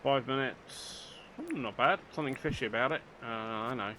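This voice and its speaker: A man's voice: mid-range voice, lively intonation, normal speed, bright, forceful tone, slight background noise. An older man, chatting casually through a let's play, joking at his own expense. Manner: chatty, self-mocking, dry humour, talks to game characters. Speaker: gaming channel host.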